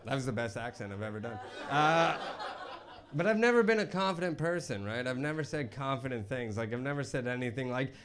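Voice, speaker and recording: A man doing a stand-up comedy set on stage into a handheld microphone, with a hesitant, self-deprecating, halting delivery. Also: mid-range voice, expressive, fairly bright tone.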